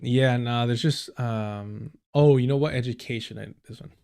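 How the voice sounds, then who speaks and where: A male streamer talks through clips in a loose, rambling way. He swears often and leans on fillers, his voice sitting in an ordinary middle pitch. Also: moderate pace, gravelly, a little mellow. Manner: rambling, profane, many fillers. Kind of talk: casual live-stream commentary.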